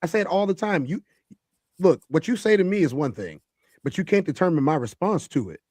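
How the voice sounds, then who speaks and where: A man's voice: a little high, very animated, a little fast, a little mellow, no echo. A man hosting a reaction commentary, emphatic and repeating phrases for effect. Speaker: host.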